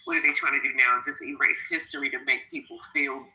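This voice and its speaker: A woman's voice: extremely low pitch, steady tone, fast, pushed and bright. A woman guest in a heated podcast debate, insistent and explaining at length. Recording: roomy echo.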